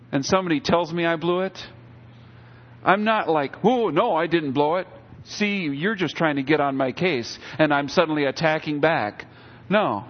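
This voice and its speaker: Middle-aged male pastor, slightly high voice, chatty preaching with acted-out asides, dull lo-fi recording. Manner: conversational preaching with acted-out quotes. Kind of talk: sermon.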